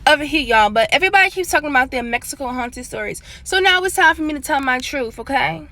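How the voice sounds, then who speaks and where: A young woman talks straight into her phone, casual and chatty, calling her viewers y'all. Her voice sits high and comes across bright and forceful. It sounds like a phone mic held up close. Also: lively intonation, fast talker. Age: late 20s. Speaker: storyteller. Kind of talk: casual spoken storytime. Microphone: handheld phone.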